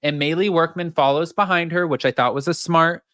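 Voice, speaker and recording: A woman's voice: sits low, a little fast, dry recording, studio quality. A woman co-hosting a podcast, telling a reality show recap in casual chat and acting out what people said. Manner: animated storyteller who acts out the quotes. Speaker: podcast co-host.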